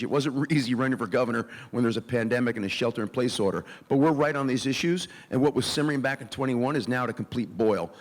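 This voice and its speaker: Assertive man on a forum stage, mid-pitched, listing his plans, with long reverb from a big hall. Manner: forceful, declarative, lists plans point by point. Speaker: political candidate. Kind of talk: campaign forum answers. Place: event hall.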